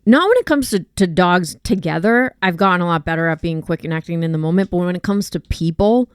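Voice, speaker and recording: A woman's voice: lowish voice, animated, brisk, smooth, dry recording, clean studio sound. A woman, a dog walker and trainer, chatting on a podcast and explaining things through everyday examples, full of "like" fillers. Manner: conversational, explains with hypotheticals, many fillers like "like". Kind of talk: casual chat.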